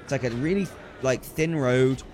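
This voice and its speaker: A young British man streaming a game while telling a holiday story in a chatty, slang-filled, excitable way. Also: medium pitch, moderate pace, a little hiss or hum. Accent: British English. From Britain. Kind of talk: casual storytelling while gaming.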